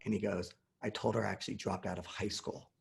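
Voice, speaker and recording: A man's voice: fairly low pitch, level tone, fast talker, gravelly, a little hiss or hum. A man in his forties telling a personal story in casual conversation, acting out the quoted dialogue.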